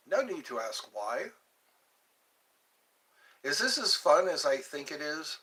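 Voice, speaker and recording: Slow-talking bright-voiced man hosting a live stream. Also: a little high, sing-song, rough recording. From Georgia, USA. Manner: chatty, jumps between topics, tries out foreign phrases. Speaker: livestream host. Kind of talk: rambling live chat.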